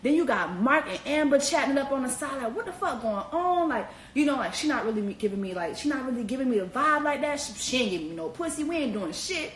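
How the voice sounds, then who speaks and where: A woman giving a blunt, profane, animated comedic recap full of slang. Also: high voice, fast, few pauses, a little hiss or hum. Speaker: vlogger recapping a reality show. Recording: echoey room.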